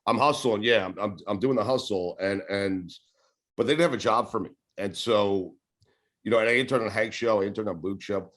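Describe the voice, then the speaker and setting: A man in his forties with a New York accent, telling stories in a casual interview, rambling and relaxed, swearing and laughing as he goes. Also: fairly low pitch, fairly quick. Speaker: sports radio host, podcast guest.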